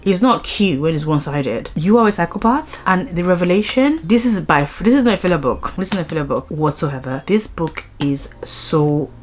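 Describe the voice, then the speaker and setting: A young woman chatting excitedly at home in a casual reading vlog, rambling and restarting as she gushes about books. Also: lowish voice, normal speed, few pauses, slight background noise. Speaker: book vlogger. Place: home, indoors.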